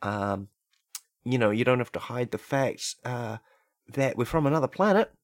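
A man hosting a comedy podcast, rambling through an absurd deadpan monologue full of fillers and tag questions. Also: medium pitch, moderate pace, no echo, studio quality. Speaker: podcast host.

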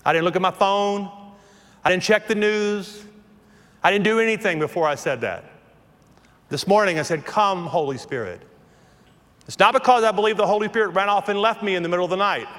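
A man in his fifties with a Southern accent, preaching a sermon, dropping to a hush and then rising to forceful calls. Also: high-pitched, a little fast. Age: 50s. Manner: swings from hushed to forceful preaching. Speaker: pastor. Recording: hall reverb.

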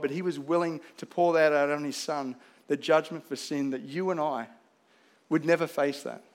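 A man preaching a conversational sermon, acting out bits of dialogue as he teaches. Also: on the high side. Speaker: pastor.

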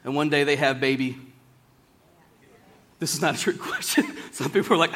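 Guy preaching in church, high-pitched voice, folksy and plain, slows way down for bible verses. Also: sharp tone. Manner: folksy, plain-spoken, slows down to read scripture aloud. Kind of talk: sermon.

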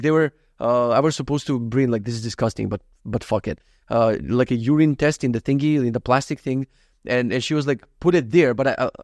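A man's voice: mid-range voice, no room sound, studio quality. A young man talking candidly in a rambling, confessional monologue, swearing freely and restarting his sentences often. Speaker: software entrepreneur.

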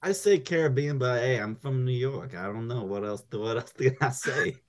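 A man playing a pushy but friendly court-ordered boxer in an improvised comedy scene, chummy and fast to egg others on. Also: mid-range voice, natural voice. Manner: chummy, pushy, talks over himself. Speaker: improv guest.

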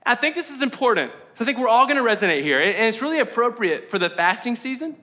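Bright-toned man preaching in a loose, animated, filler-heavy style. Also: extremely high pitch, quick pace. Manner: casual and animated, many likes and ums. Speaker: pastor. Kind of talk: conversational sermon. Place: church service.

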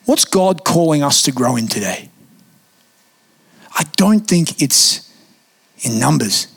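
A young man preaching a sermon in a church, telling stories in a lively, conversational way with casual fillers. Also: on the high side, slow, creaky, slightly rough. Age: young adult. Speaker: pastor. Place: church auditorium.

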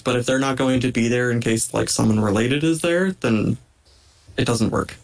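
A man talks through his character's plans at a tabletop game, looping back with "like" as he thinks. His voice sits at an ordinary middle pitch. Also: normal speed, rough recording. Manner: rambling, heavy use of "like". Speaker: player. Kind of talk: casual chat at the game table.

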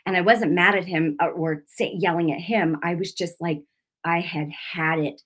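A middle-aged woman gives a personal testimony of faith, in the manner of a sermon. Her retelling is emotional and animated, full of fillers and restarts. Now and then she swells into an intense, raised voice as she acts out her prayers. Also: lowish voice, normal speed. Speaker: Christian speaker giving a testimony.

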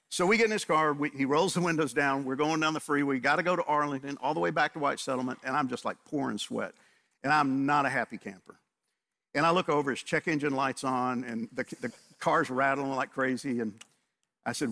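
Male pastor, mid-pitched, storytelling sermon, voices both people in the story. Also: brisk. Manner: animated storyteller, acts out both sides of conversations.

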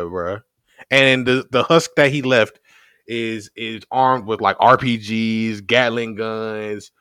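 A man's voice: medium pitch, fairly bright tone, no echo, studio quality. A man co-hosting a podcast, recapping in loose, slang-heavy casual chat and laughing often. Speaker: podcast co-host.

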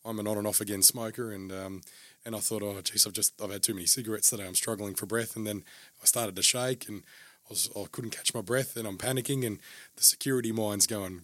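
A man talking openly in a casual chat, pausing often and restarting his sentences. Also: lowish voice, steady tone, a bit bright, dry recording. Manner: halting, many restarts and fillers. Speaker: guest.

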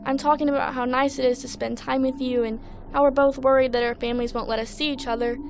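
A woman's voice: high voice, level tone, fast talker, faint music behind. An actress playing a teenage girl shaken by a nightmare, talking in an uneasy, worried way. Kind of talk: audio drama acting.

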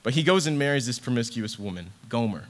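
A young man gives an earnest sermon in a relaxed, conversational way. His voice sits at an ordinary middle pitch, and he drops in easy fillers as he works through his thoughts. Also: fast talker. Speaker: ministry associate director preaching.

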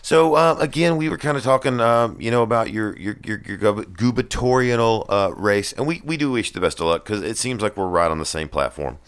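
Man, very low voice, podcast host, rambling, self-deprecating. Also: a little fast, hardly any pauses, clear, resonant tone. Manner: self-deprecating, rambling, chuckling at own jokes. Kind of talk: casual chat.

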